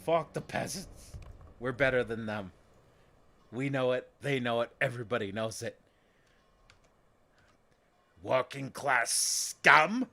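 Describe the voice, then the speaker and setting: A man's voice: lowish voice, normal speed, hardly any pauses, husky. A man putting on a sneering upper-class snob. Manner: haughty, sneering.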